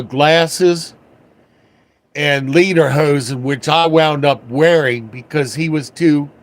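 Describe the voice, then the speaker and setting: An older man hosting a casual livestream, telling rambling, folksy stories with a wry touch. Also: a little high. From Washington area, USA. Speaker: livestream host.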